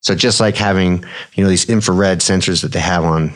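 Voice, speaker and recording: A physician in his thirties co-hosts a relaxed podcast, explaining medical topics in a low voice at normal speed and blending clinical terms with slang.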